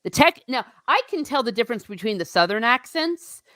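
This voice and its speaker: A woman from the United States hosting a casual livestream book chat, talking in a chatty, animated way and reading viewer comments aloud. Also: a little high, a little fast, no room sound. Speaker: host.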